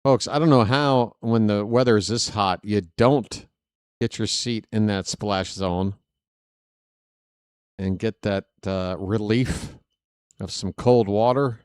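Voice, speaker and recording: Slow-talking man calling a ballgame. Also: fairly low pitch, a little mellow, clean tone, dry recording, clean studio sound. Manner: chatty, joking asides to chat viewers. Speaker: fan play-by-play announcer. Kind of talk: live play-by-play commentary.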